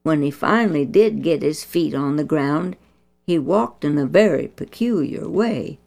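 A woman narrating a children's Bible story in a gentle, deliberate, instructive way. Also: sits low, expressive, creaky.

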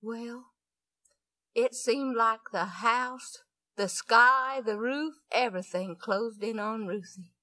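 Lively folksy woman storyteller. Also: on the high side, dry recording. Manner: chatty, asides to listeners.

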